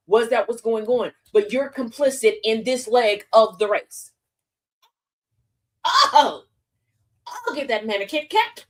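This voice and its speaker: A woman hosting a news commentary stream, retelling events in a sassy, animated way and mimicking the people she quotes. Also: on the high side, takes it slowly, pauses often. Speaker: host.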